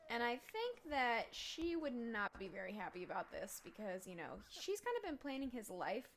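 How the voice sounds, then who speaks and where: A woman's voice: fairly high pitch, big pitch swings, moderate pace, a bit bright, slight background noise. A woman hosting a let's play, giving rambling gameplay commentary full of fillers.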